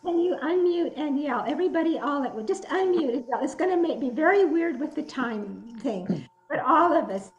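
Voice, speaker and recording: A woman instructor leading an online self-defense workshop, encouraging and giving clear commands. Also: high voice, lively intonation, moderate pace, reverberant, muffled recording. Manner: encouraging, gives clear commands, laughs easily. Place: indoor room. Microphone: video call.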